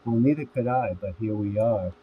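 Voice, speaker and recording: A man voicing a gruff middle-aged father, blunt and curt in a script reading. His voice is fairly low, and it comes through thin and phone-like over faint noise. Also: normal speed, lightly acted. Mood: grim. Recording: tinny phone-like audio with faint hiss.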